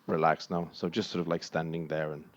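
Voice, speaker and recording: A man explaining his character's moves at a tabletop game. He speaks haltingly and thoughtfully, in a very low voice. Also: level tone. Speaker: player.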